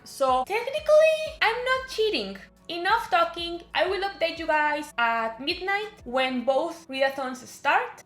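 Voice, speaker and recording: A young woman who grew up speaking chats through her reading day, playful and full of "like" fillers. Her voice sits a little high. The room is echoey, with light music under her talk. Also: a bit bright. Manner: chatty, playful, rambling with many "like" fillers. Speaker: book vlogger. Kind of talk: casual vlog chat. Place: bedroom at home.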